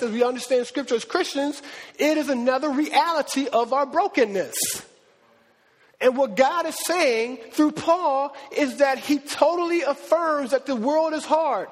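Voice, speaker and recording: A man's voice: extremely high pitch, in a large hall. A man preaching a sermon as pastor, impassioned, who acts out the voices he quotes and chokes up at times.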